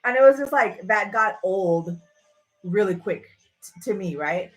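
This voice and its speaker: A woman's voice: medium pitch, expressive, measured pace, poor audio. A woman hosting a livestream, ranting casually and sarcastically, swearing freely. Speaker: livestream host. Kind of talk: casual rant.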